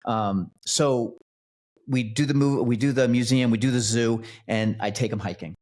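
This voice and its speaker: A man's voice: medium pitch, normal speed, darkish tone. A man, a podcast guest who founded a nonprofit, telling his personal story in a casual, rambling way, often restarting and repeating words.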